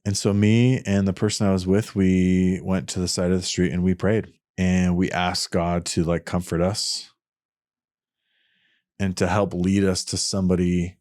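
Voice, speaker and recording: A man with a very low voice speaks earnestly to his podcast listeners and explains his ideas step by step. He often restarts his sentences as he thinks aloud. The sound is dry and close, with almost no room echo. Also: flat delivery, unhurried, darkish tone. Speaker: podcast host. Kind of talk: reflective solo podcast talk.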